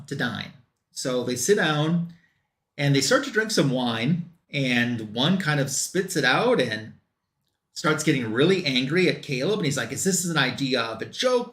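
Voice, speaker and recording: A man's voice: mid-range voice, a bit bright, echoey room. A man recapping a comic book story in a loose, run-on way, quoting the characters as he goes.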